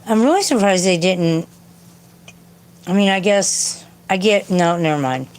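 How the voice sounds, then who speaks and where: A woman's voice: on the low side, a little slow, clear, resonant tone. A woman hosting a casual livestream from home, rambling and swearing as she answers chat. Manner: profane, rambling, talks to chat and yells at her cat. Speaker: livestream host reading chat. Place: home, indoors.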